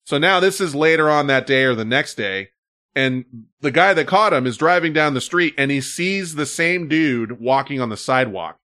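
A man's voice: a little high, moderate pace. A male podcast host telling stories in casual chat and acting out quotes with animation. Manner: animated storytelling, acts out quotes.

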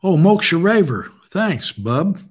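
A man's voice: high voice, very animated, takes it slowly, husky. A man hosting a live-streamed podcast, chatting casually and joking with his guest. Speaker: podcast host.

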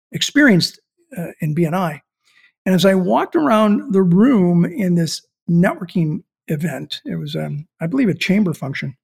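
A man's voice: high-pitched, creaky, breathy edge. An older man hosting a podcast, telling a business anecdote in an easygoing way and often repeating words as he searches for the next one. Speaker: podcast host and business founder. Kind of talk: storytelling podcast talk.

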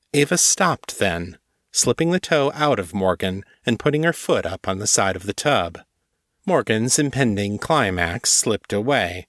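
A man narrating a story in a steady, measured audiobook-style reading. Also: fairly low pitch, no room sound, clean studio sound. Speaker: narrator and author.

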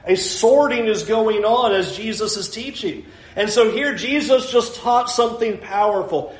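A man preaching a sermon in an animated way, acting out the voices of the people he quotes. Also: sits high. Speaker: pastor. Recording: echoey room.

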